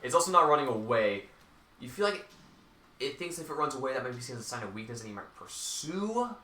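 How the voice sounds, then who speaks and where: Bright-voiced game master in an echoey room. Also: male voice, medium pitch, very animated, quick pace, a little hiss or hum. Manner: hesitant, frequent ums while describing the scene. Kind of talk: narrating a tabletop game. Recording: echoey room, distant mic.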